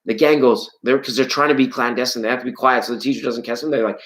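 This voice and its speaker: Live tarot host, loose and playful, jokes while greeting chat, voice leaps high when worked up. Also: steady tone, quick pace, hardly any pauses, a bit bright, low-quality recording. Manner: rambling, playful and jokey; greets and answers viewers from chat. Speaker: tarot reader hosting a live stream. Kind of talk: live-stream chat with viewers.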